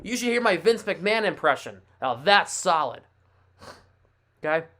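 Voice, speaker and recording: A man hosting a casual live sports stream, thinking aloud in a chatty, excitable way. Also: high-pitched, moderate pace. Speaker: livestream host.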